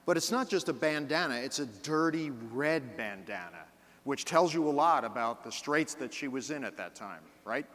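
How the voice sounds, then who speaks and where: Keynote speaker, man, 50s; theatrical dynamics, booming hall reverb. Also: lively intonation. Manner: dramatic, swings between loud bursts and hushed slow phrases for emphasis. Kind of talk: storytelling keynote speech. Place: large conference hall. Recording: long reverb of a large hall.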